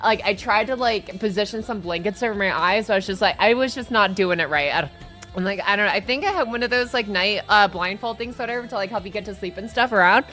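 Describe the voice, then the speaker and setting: A young adult woman streaming live, chatting casually in a rambling, excitable way and laughing often. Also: mid-range voice, quick pace, soft background music.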